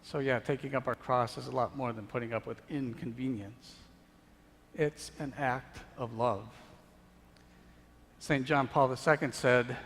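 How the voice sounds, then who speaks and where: A man preaches at an unhurried, deliberate pace in a church sanctuary, his mid-range voice trailing off into a long reverb. He builds to emphatic peaks, then drops to a hushed, intimate tone. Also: medium pitch, steady tone. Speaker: pastor. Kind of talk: sermon.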